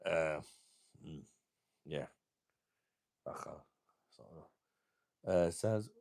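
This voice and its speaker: Gravelly low man rambling crudely. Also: drawn-out words, darkish tone. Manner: crude, rambling, hesitant with many ums. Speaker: beer reviewer on a live stream. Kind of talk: crude rambling live-stream chat.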